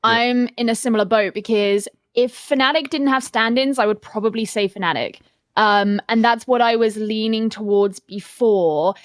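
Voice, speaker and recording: A woman co-hosts an esports talk show as a commentator, chatty and eager. Her voice sits a little high. The sound is dry and close. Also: normal speed, no echo. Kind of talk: casual esports chat.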